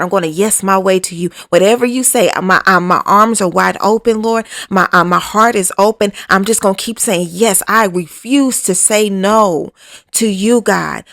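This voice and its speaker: Gravelly-voiced woman praying fervently. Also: medium pitch, normal speed, no echo, clean studio sound. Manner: fervent, repetitive pleading; often drops to a hushed, near-whispered delivery. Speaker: podcast host. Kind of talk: spoken prayer and exhortation.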